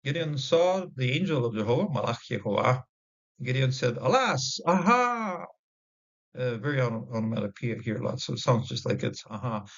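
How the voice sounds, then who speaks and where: A man teaching a casual Bible word study, pausing often with fillers and restarting his sentences as he sounds out Hebrew words slowly. His voice has a gravelly fry, and the recording is dull and lo-fi. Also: mid-range voice. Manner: halting, many fillers and restarts.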